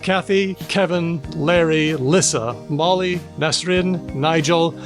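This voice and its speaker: A man hosting a podcast in a playful, casual way, briskly reading out lists of names. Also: fairly high pitch, steady tone, over music. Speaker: podcast host.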